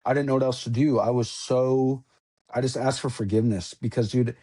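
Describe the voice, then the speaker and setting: Male podcast guest, mid pitch, intense rambling storyteller, swears a lot. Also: steady tone, brisk, mellow, husky. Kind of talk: casual storytelling.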